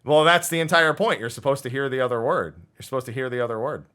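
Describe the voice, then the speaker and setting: A man's voice: medium pitch, quick pace, sharp tone. A man with a New Jersey accent, hosting a casual chat show and joking with guests, laughing often. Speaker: podcast host.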